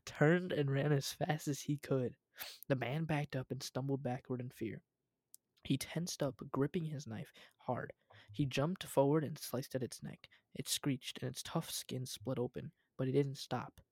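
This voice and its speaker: A man's voice: mid-range voice, no room sound, clean studio sound. Young man reading a story aloud. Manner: relaxed, laughs at his own reading. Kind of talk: casual chat and story reading.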